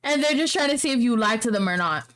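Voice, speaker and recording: A woman's voice: fairly high pitch, animated, fast talker, a bit bright. A young woman co-hosting a podcast, retelling a story in a casual, slangy, swearing way. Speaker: podcast co-host.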